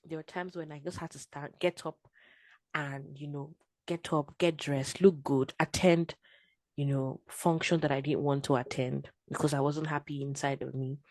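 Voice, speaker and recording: Low-voiced woman, animated storyteller. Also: normal speed, no room sound. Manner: animated storytelling, acts out her own quotes. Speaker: podcast guest. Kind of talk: casual testimony chat.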